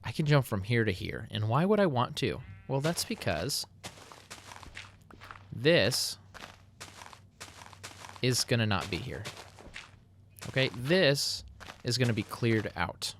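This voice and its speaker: A man's voice: mid-range voice, very animated, slow, long pauses, a bit bright, slight background noise. A man casually narrating his building game, chatty and self-mocking. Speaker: Minecraft YouTuber. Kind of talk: casual gameplay commentary.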